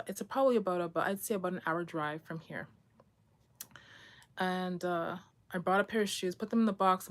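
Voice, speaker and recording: A woman vlogger telling a personal story in a rambling, candid way, at home, with emphatic bursts. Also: on the low side.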